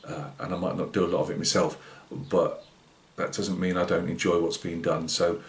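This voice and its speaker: A man's voice: sits low, flat delivery, moderate pace, a little hiss or hum. Rambling Northeast English man, roomy sound. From Britain. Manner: rambling and hesitant, many fillers and restarts. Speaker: scale-modelling channel host. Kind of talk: casual vlog chat. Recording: roomy echoey room.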